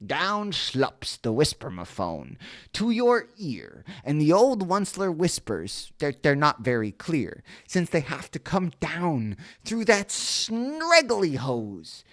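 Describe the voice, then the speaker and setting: A woman's voice: low voice, wildly swooping pitch, slow pace. A woman reading a children's story aloud, often stopping for playful, joking asides and correcting her own stumbles over the made-up words. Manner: playful, self-interrupting, swears then apologizes.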